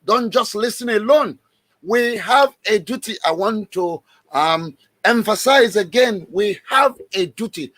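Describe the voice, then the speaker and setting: A man with a high voice delivers a fervent radio address, hammering home repeated phrases and now and then rising to a shout. His voice sits close and dry on the microphone, with no room sound around it. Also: animated, a little slow, dry recording. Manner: emphatic, repetitive and exhorting, with sudden raised outbursts. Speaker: radio broadcaster. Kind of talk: impassioned broadcast address.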